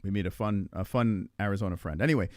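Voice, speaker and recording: This fast-talking man has a fairly low pitch and is captured in studio quality with no room sound. He hosts a podcast, retelling stories in an animated, loose, rambling way and cursing freely throughout the casual chat.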